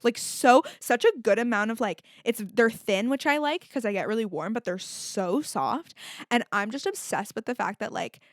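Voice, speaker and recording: A young woman chats candidly into her podcast mic. Her voice sits a little high and sounds close and dry. She tells stories loosely, full of filler words and the occasional swear. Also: lively intonation, moderate pace, no echo. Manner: chatty and candid, lots of "like" and swearing. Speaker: podcast host. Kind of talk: casual solo podcast chat.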